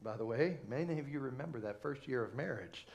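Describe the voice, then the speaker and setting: A man pastor giving an animated, conversational sermon with many restarts, in a church sanctuary. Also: mid-range voice, a little fast, vocal fry.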